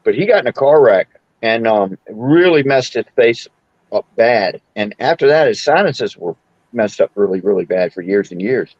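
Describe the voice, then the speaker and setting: A man's voice: fairly low pitch, expressive, moderate pace, a little mellow, dry recording, highs cut off. A man in his sixties, hosting a casual chat and telling rambling stories with frequent laughs. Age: 60s. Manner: rambling storyteller, laughs often. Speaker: podcast host.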